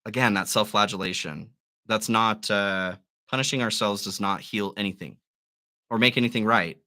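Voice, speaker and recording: A man with a bright, forceful tone hosts a live tarot stream. He muses over each card aloud and encourages his listeners gently. His voice sits on the lower side. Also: steady tone, moderate pace. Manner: musing, gently encouraging, with soft laughs. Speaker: tarot reader.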